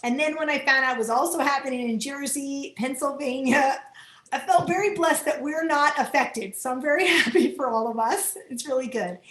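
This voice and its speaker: A woman's voice: sits high, normal speed, a bit bright. A woman coordinating volunteers in a training video call, talking earnestly and with emotion, often laughing between her words. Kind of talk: Zoom training talk. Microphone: computer mic on a video call. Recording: roomy echo on a video call.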